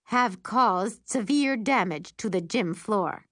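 A woman voicing a stern female school principal making formal announcements, measured and deliberate. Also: medium pitch, animated, fairly bright tone, dry recording, clean studio sound, voice pushed up, exaggerated voice. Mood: announcing.

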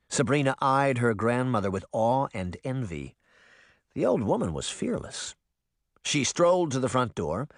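A male narrator reads a storybook with dramatic, expressive delivery. His pitch moves a lot, and the recording is dry and close. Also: no echo. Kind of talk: audiobook narration.

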